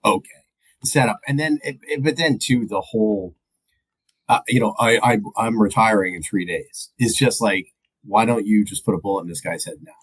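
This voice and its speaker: A man co-hosting a podcast, giving a rambling, animated film review and acting out movie lines. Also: on the low side, moderate pace, husky, low-quality recording. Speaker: podcast co-host. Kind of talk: casual film review chat.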